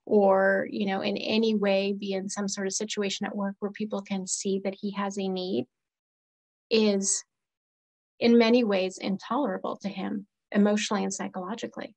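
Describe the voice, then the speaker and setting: A woman's voice: medium pitch, normal speed, gravelly, low-quality recording. A woman speaking as a therapist in a casual conversation, earnest and reflective. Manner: earnest, reflective, quotes clients in lively voices. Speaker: therapist guest.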